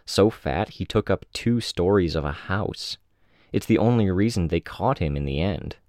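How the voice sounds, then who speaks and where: A man's voice: deep voice, lively intonation, normal speed, darkish tone, no echo, studio quality. A man doing a brash, wisecracking young hero. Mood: wry. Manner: wry, mocking. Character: brash young male hero, joking and crude. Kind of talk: audiobook character voice.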